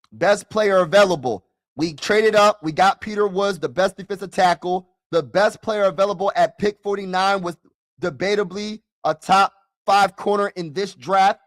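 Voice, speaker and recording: Excitable man streaming a football mock draft. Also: high voice, dry recording. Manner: talks straight to viewers, repeats himself, uses "bro" and "y'all"; animated and frustrated, swings between loud outbursts and mutters. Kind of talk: casual live-stream chat.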